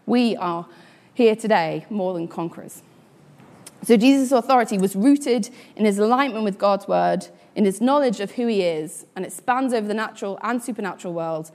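A woman's voice: medium pitch, moderate pace, darkish tone. A woman in her late twenties giving a sermon, telling a story with fillers and small laughs before reading scripture. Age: late 20s. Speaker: preacher.

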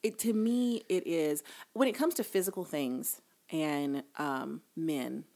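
A woman's voice: low-pitched, slow pace, mellow. A woman in casual conversation, telling stories in an earnest, emphatic way.

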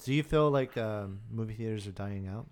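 A man's voice: lowish voice, moderate pace. Brief: male podcast co-host, casual chat, asks questions, short agreeing replies.

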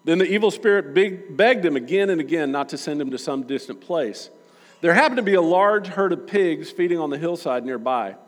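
Guy preaching a sermon, kinda high voice, chatty jokey asides, big echoey church hall. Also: lively intonation, a little fast. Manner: conversational, joking asides between readings. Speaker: pastor. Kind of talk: sermon with scripture reading. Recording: long reverb of a large room.

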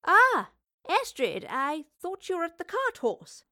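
A woman voicing a kindly, careful professor and inventor who speaks gently, politely and without hurry. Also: very high voice, wildly swooping pitch, slow, pitched above the performer's own voice, heavily acted. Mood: gentle.

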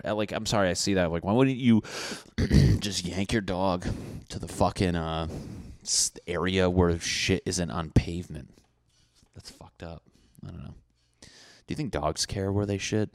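A man hosting a solo comedy podcast, rambling profanely and acting out neighbors in loud mocking voices. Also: low voice, moderate pace, no room sound. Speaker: podcast host. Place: indoors at home.

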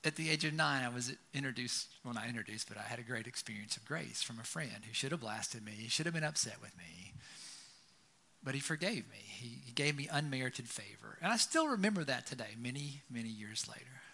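A man's voice: medium pitch, lively intonation, fairly quick, creaky, pushed and bright. A man giving a conversational sermon, telling stories and often checking in with his listeners by asking "right?". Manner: storytelling, keeps asking "right?". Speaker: pastor.

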